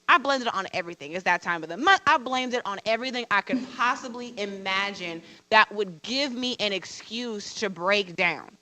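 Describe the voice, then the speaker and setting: A woman's voice: mid-range voice, a little fast, few pauses, bright, forceful tone, dry recording, rough recording. A woman who teaches veterinary students, telling a personal story to an audience in a candid, self-deprecating way with emphatic repetition. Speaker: veterinarian and college teacher on a panel.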